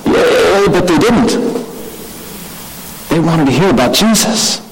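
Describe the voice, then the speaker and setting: A man's voice: fairly high pitch, expressive, slow, background noise. A man, a pastor preaching a sermon through a folksy personal story, often restarting his sentences.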